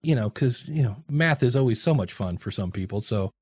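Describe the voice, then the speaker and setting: A man's voice: medium pitch, animated, brisk, darkish tone, breathy edge, no room sound. Goofy, storytelling man with a dry sound. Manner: goofy, radio-style storytelling. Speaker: podcast guest. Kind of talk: casual chat.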